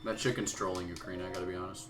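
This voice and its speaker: A man's voice: deep voice, level tone, racing, a bit bright, faint music behind. A young man co-hosting a game stream, laid-back and rambling, laughing easily as he chats. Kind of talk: casual chat during a game stream.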